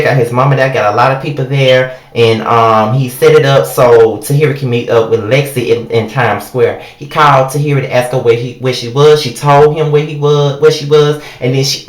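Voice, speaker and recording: A woman reviewing a reality show in a casual, blunt, heavily profane rant, talking straight at the people in it. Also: rumbling low. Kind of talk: casual ranting recap. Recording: echoey room.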